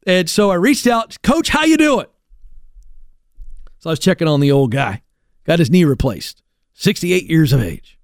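Male talk-show host, higher voice, emphatic and coach-like, dry close studio sound. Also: expressive, moderate pace, no room sound. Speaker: career advice show host. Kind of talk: energetic talk-show monologue.

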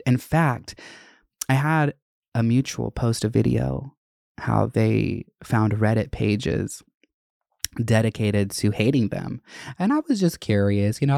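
Woman podcast host, gravelly fry, dry close mic, loose rambling chat with swearing. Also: rumbling low, warm tone, no echo. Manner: rambling, profane, full of "like" and "you know". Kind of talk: casual chat.

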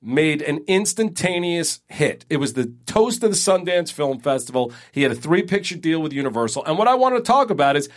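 Animated man telling a story. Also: fairly high pitch, brisk, few pauses. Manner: animated, swears, acts out quotes. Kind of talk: casual storytelling chat.

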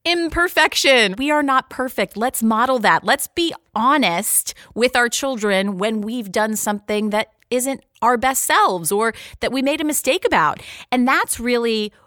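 A woman's voice: on the high side, expressive, unhurried, hardly any pauses, fairly bright tone, no echo, clean studio sound. A woman co-hosting a parenting show, earnestly summarizing advice and introducing clips. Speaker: podcast co-host and mother. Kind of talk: reflective chat.

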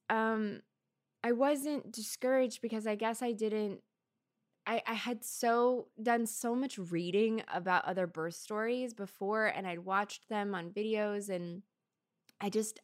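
A woman in her thirties co-hosting a podcast, telling a story in casual chat, chatty and quick to laugh. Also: medium pitch. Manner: chatty, laughs often, many fillers. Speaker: podcast co-host.

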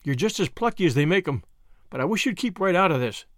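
A man's voice: high-pitched, animated, fast talker, dry recording, clean studio sound. A man voicing a brash, generous young American with an American accent and breezy, confident slang.

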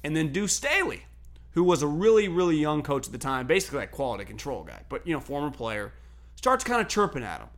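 A man co-hosting a sports talk show, telling stories in an animated, profane way and laughing often. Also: fairly high pitch, quick pace. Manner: animated storyteller, swears freely, laughs often. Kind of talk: casual sports debate chat.

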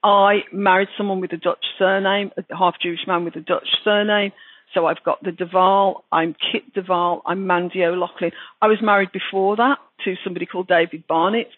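Woman in her 60s, Brummie accent, frank emphatic storyteller, husky voice, dry phone-like sound. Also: on the low side, fairly even intonation, fairly quick, no room sound. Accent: Birmingham. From Birmingham, England. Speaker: guest author. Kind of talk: reflective interview talk. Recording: dry, tinny phone-like line.

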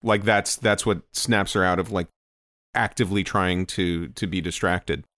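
Wry male podcast co-host, lowish voice, dry close mic, casual chat. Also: fairly even intonation, a little slow, fairly bright tone, dry recording.

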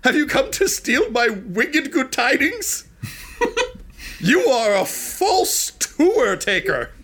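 A frantic, fussy keeper of birds, put on by a man, crying out in a strained voice pushed far above his normal range. He wails with a shaky, jumping pitch, loud and overwrought, in the manner of a tabletop game figure. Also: huge pitch swings, slow pace, heavily acted. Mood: panicked. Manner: shrill, fretful cries. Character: panicky fussy male bird keeper, excitable.

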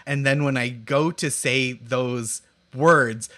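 A man co-hosting a casual political chat with a bright, sharp-edged voice. He riffs wryly and self-deprecatingly. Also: a little high, slow pace. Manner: wry, self-deprecating joking. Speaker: podcast co-host.

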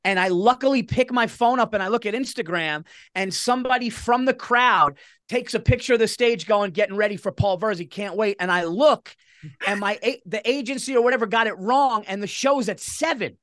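A middle-aged man, a comedian guest telling stories in a rambling, animated way. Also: very high voice, normal speed, no echo, clean studio sound. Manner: animated, rambling, self-interrupting. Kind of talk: casual interview storytelling.

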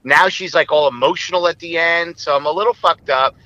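A man with a very bright, slightly high voice tells a rambling, explicit personal story. He talks casually and keeps quoting what others said. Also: a little fast, muffled recording.

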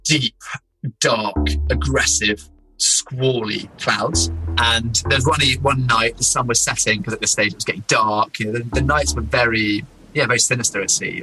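A man from England, an explorer, telling an adventure story in a lively, anecdotal way and slipping into other people's voices. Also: lowish voice, poor audio. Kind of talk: animated storytelling interview.

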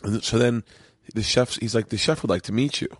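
A man's voice: medium pitch, a little fast, dry recording. A man hosting a podcast, telling stories in casual chat, laughing often and swearing freely. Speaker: podcast host. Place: home studio mancave.

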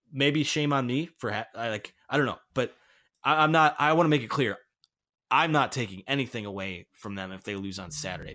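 A man's voice: medium pitch, a bit bright. Earnest man hosting a sports chat. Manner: earnest, emphatic opinions. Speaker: podcast host. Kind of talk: casual sports talk.

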